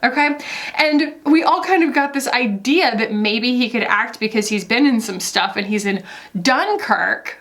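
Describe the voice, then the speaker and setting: A woman's voice: fairly high pitch, lively intonation, a little slow, a bit bright. A woman beauty vlogger chatting casually while doing her makeup, gossipy, with lots of fillers.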